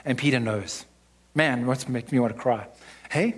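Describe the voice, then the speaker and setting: A man's voice: mid-range voice, normal speed. A man preaching a sermon as pastor, emphatic and earnest, often checking in with the congregation through rhetorical questions.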